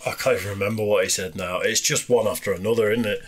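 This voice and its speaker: A man hosting a reaction video, chatting in an animated, chuckling way. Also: fairly low pitch, quick pace. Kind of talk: casual chat.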